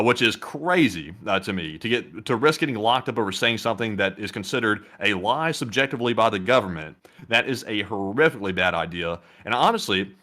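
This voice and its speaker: A man hosting a casual commentary show, explaining his views in a steady, opinionated way. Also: medium pitch. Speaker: host.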